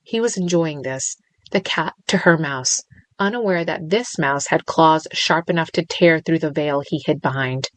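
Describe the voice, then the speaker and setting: Low-voiced woman narrating a thriller. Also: normal speed, no echo, low-quality recording. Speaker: audiobook narrator.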